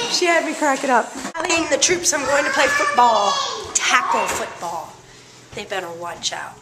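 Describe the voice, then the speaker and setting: A middle-aged mother chats casually and animatedly in a family vlog, her voice sitting high at a moderate pace. Loud background noise fills the recording.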